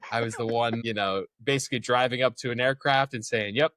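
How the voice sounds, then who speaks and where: A man's voice: mid-range voice, steady tone, a little fast, a bit bright, no room sound. A young man as an interview guest, telling his story in a candid, casual way, swearing freely and acting out what others said.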